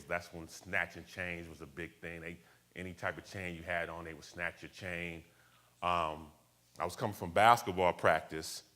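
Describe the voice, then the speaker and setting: A middle-aged man from Buffalo, New York, telling his life story in a lively way and acting out the voices of people in it. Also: sits low. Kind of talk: personal storytelling talk.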